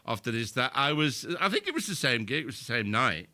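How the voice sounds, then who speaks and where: A man's voice: medium pitch, big pitch swings, brisk, bright, forceful tone. An older male comedian telling sweary anecdotes on a live podcast, laughing as he goes. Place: live venue with audience.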